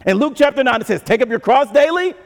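A man preaching a sermon as pastor, conversational and animated, with frequent asides to the congregation. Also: extremely high pitch, fast. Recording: long hall reverb.

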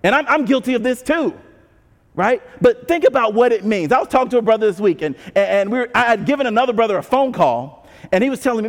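A man preaching a sermon as pastor, conversational and animated, with frequent asides to the congregation. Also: sits high, brisk, gravelly. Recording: long hall reverb.

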